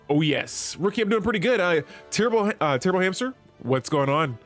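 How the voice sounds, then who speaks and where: A man's voice: high voice, expressive, brisk, hardly any pauses, a bit bright, faint music behind. A man streaming a strategy game, chatting with viewers and reading the in-game text aloud. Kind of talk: live gameplay commentary.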